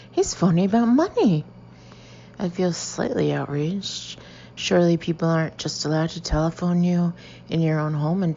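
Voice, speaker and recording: A woman narrating a first-person audiobook expressively, with lively, dramatic delivery and whispered asides. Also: on the low side, lo-fi sound, a little hiss or hum.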